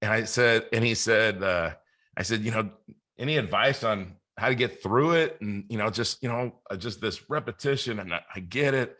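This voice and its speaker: Guy hosting a podcast, lowish voice but bright and forceful, earnest, lots of restarts. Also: moderate pace. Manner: earnest, faith-filled, with many restarts. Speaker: podcast host. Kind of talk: casual interview chat.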